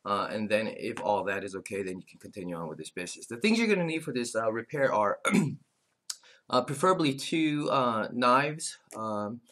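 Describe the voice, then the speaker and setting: A man's voice: mid-range voice, big pitch swings, moderate pace, a bit bright. A man explaining phone screen repair as an instructor, talking casually with lots of "uh" fillers and restarts. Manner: filler-heavy, frequent "uh" restarts. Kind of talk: casual tutorial talk.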